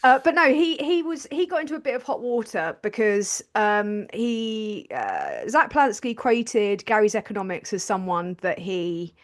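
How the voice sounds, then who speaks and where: A woman's voice: medium pitch, sing-song, moderate pace, few pauses. A woman hosting a casual live-stream chat, talking in a chatty, hesitant way with lots of fillers. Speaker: host.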